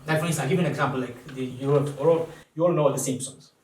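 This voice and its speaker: A man's voice: medium pitch, quick pace. An Italian-accented man speaks as a guest at a live public event, thinking aloud and often restarting his sentences. He is picked up from well off the mic in a reverberant room. A faint hiss sits under his voice. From Italy. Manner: thoughtful, animated, many restarts. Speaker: guest translator. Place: event room before an audience. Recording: echoey room, distant mic, faint noise.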